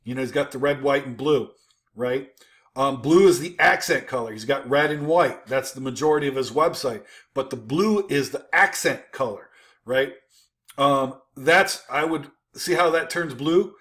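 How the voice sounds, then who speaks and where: A man giving a casual, informal commentary while critiquing websites on his screen, talking with many fillers and restarts and punching points with an emphatic "boom.". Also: normal speed, a bit bright.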